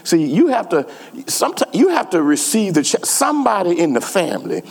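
A man's voice: sits high, big pitch swings, a little fast, vocal fry. A man preaching a sermon as pastor, repeating phrases and calling out to his congregation. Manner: repetitive call-and-response preaching. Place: church sanctuary. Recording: long church reverb.

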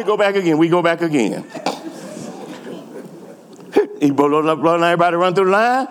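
A middle-aged pastor preaches a sermon in an echoey hall, his fairly high voice unhurried and broken by frequent pauses. He tells a story with animated emphasis, repeating words for effect.

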